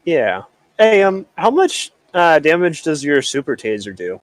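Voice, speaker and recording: A man's voice: on the high side, big pitch swings, unhurried, no echo, studio quality. A man playing a tabletop game who asks the others questions about the rules. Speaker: player. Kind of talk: casual game chat.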